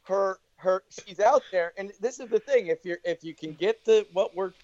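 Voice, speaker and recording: A man's voice: high voice, normal speed, darkish tone, highs cut off. A man talking as a guest in a casual podcast chat, rambling loosely with many restarts and swearing. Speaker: podcast guest, band member.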